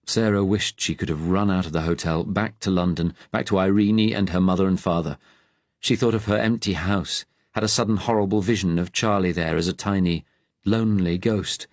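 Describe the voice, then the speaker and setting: Deep-voiced man reading an audiobook. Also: dry recording. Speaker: audiobook narrator. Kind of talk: scripted audiobook narration.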